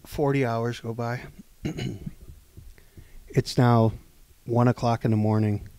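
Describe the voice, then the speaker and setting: A man on a podcast telling a long story casually, acting out the people in it and swinging between loud and hushed delivery. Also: mid-range voice, slow, clear, resonant tone. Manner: animated, acts out quoted dialogue, swings between loud and hushed. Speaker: podcast co-host.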